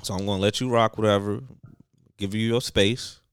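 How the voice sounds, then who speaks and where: Smooth-voiced young man rambling casually. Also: fairly low pitch, normal speed, dry recording, clean studio sound. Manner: rambling, animated, lots of fillers and restarts. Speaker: podcast co-host. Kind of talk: casual chat.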